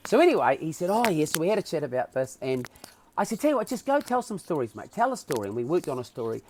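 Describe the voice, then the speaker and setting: A man's voice: on the high side, fast, slight background noise. A man with a New Zealand accent, a podcast guest telling a story and acting out the dialogue. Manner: acts out dialogue with lively swings in voice. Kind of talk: animated storytelling.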